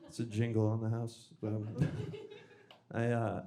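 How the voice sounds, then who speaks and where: Hesitant, mellow-voiced male stand-up comic. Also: lowish voice, completely flat delivery, takes it slowly. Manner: dry, hesitant delivery with many restarts and self-deprecating jokes. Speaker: stand-up comedian. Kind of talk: stand-up comedy set. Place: comedy club stage.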